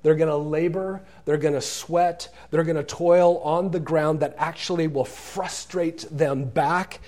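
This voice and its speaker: A man's voice: fairly high pitch, fairly even intonation, unhurried, darkish tone. A man preaching a sermon, reading scripture aloud with earnest emphasis. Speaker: pastor.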